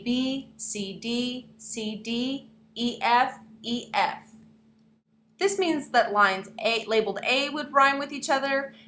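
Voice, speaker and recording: A young woman teaches her class in a playful manner and keeps speaking straight to the students. Her voice sits a little high. The recording has the echo of a room and a faint hiss behind it. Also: a bit bright. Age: young adult. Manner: playful, addresses students directly. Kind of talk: classroom lesson narration.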